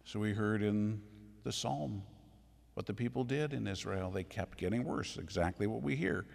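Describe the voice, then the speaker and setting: A man's voice: fairly low pitch, normal speed, vocal fry, a little mellow. A man preaching a sermon, emphatic and full of rhetorical questions, in a church. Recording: echoey hall with long reverb.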